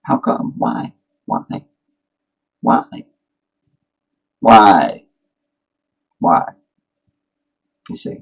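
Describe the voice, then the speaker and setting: A man hosting a casual livestream, talking in an animated, rambling, joking way. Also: fairly low pitch, very slow, long pauses, breathy edge, low-quality recording. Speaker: livestream host.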